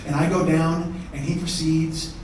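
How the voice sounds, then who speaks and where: A comedian telling a story on a theater stage, profane, swinging from shouting to hushed. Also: male voice, a little high, little pitch movement, a little slow. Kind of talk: stand-up storytelling. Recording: echoey theater from far off.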